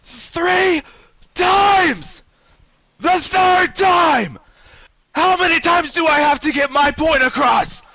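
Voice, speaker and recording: A man's voice: very high voice, takes it slowly, pitched above the performer's own voice, full character voice. A man voicing a grief-stricken male character who screams through tears, his voice cracking as he cries out. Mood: screaming anguish. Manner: shouting desperately, voice cracking. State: crying.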